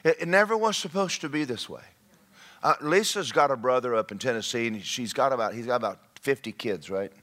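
A man preaching a humorous sermon, shouting his punchlines. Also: mid-range voice, expressive, brisk. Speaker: pastor. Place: church sanctuary.

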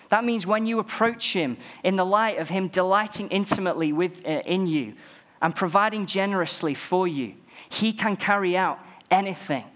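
A man's voice: high-pitched, a bit bright, muffled recording. A man preaching a sermon, building emphasis through repeated phrases.

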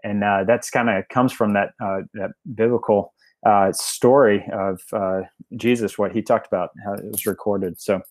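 A man's voice: lowish voice, steady tone, normal speed, a little mellow, no room sound. A man telling a story in a casual interview, rambling with many restarts and fillers. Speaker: guest, family member of a restaurant chain.

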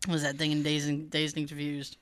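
A woman co-hosting a casual chat, animated and sarcastic, laughing often. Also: sits low, a little fast. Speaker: podcast co-host.

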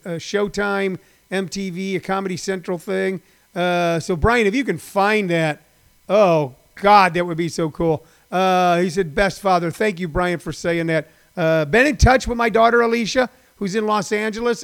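Chatty gravelly high-voiced man. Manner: rambling and chatty, with many uh fillers. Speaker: live-stream host and former stand-up comic. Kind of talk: casual live-stream chat to viewers.

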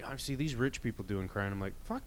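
A man's voice: on the low side, fast. A man co-hosting a podcast, telling rambling stories in casual, profane chat with many restarts. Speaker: podcast co-host.

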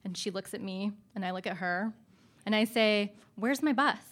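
A woman telling a personal story live, animated and self-mocking. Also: mid-range voice, moderate pace. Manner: animated, self-mocking, laughing through the funny parts.

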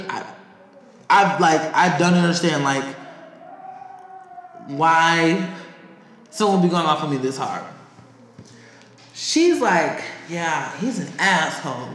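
A man co-hosting a podcast, telling a work story in a casual, profane, animated way. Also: slow, pauses often. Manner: animated, profane, high-pitched when quoting others. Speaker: podcast co-host. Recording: echoey room.

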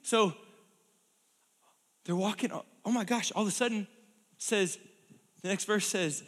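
Animated high-voiced preacher in a hall. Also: male voice, measured pace, long pauses. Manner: animated storytelling, acts out scenes. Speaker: pastor. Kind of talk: sermon. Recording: long hall reverb.

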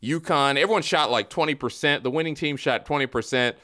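A man co-hosting a casual sports talk show, animated and incredulous. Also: on the high side, brisk. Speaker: podcast co-host.

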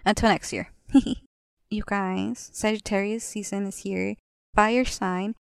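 Twenties woman, solo podcast host; chatty profane venting, gravelly fry, dry close mic. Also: mid-range voice, no room sound. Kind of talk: casual solo podcast chat. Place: apartment living room.

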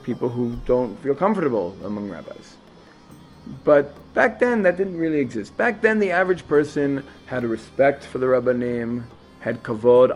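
A man teaches a Torah lesson with animated storytelling. He speaks at a middle pitch, breaks off into asides and restarts, and faint music plays underneath.

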